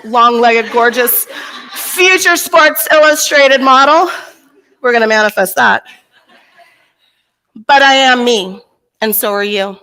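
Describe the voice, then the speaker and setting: Animated woman giving a motivational keynote. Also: on the high side. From Texas. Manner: animated storyteller, acts out voices in quotes. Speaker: motivational speaker. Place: conference stage.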